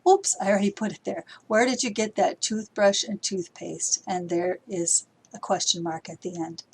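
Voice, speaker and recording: This recorded grammar lesson for middle schoolers features a woman whose mid-range voice is steady and slightly rough, moving at a moderate pace. She walks through her edits step by step and occasionally performs the example sentences with acted feeling. The recording quality is low.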